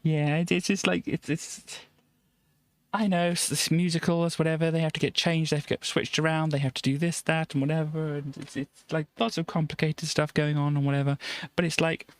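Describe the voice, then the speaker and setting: A woman's voice: deep voice, flat delivery, fairly quick, no room sound. A woman streamer chatting casually about her old comics, rambling and stammering with frequent laughs. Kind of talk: casual live-stream chat.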